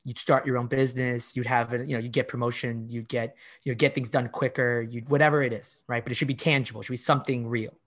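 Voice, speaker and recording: A man of middle pitch speaks as a life coach guest on a podcast. He tells stories with lively enthusiasm and steps through his points in a casual, conversational way. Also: fast talker. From Argentinian and Italian heritage. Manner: enthusiastic, animated storytelling with laughs.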